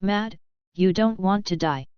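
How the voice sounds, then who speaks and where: A man's voice: high-pitched, measured pace, a little mellow, smooth, no room sound. A woman voicing a nervous, fawning young crook who grovels and swears, in a dull lo-fi audiobook recording. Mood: flustered.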